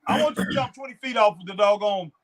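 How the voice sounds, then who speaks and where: High-voiced animated man talking wrestling. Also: fast talker. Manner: animated, drawling, mimics wrestlers in asides. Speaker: wrestling show co-host. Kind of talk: casual chat.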